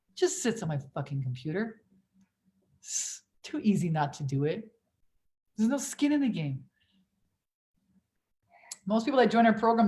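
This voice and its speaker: A woman's voice: medium pitch, darkish tone. A woman in her forties, a business coach on a livestream Q&A, talking in a blunt, profane, emphatic way. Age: 40s.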